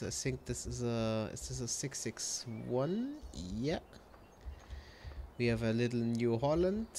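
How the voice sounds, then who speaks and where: A man talks slowly through a farming game, pausing often with ums and uhs. His voice sits at an ordinary middle pitch, and steady engine noise hums clearly under his words. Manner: rambling, many ums and uhs. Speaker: gameplay video host. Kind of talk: casual gameplay commentary.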